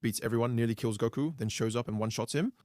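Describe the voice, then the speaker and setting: A man's voice: medium pitch, quick pace, a little mellow, no room sound, clean studio sound. A man co-hosting a podcast in casual chat, easygoing, explaining things at length. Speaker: podcast co-host.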